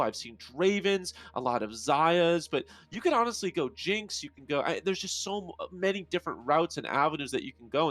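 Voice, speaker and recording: An American male caster breaking down the draft in a live esports broadcast. He reasons out loud and restarts his phrases now and then. His voice sits a little high, with a dry, close sound. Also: no echo. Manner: analytical, thinks aloud with restarts. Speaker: color caster.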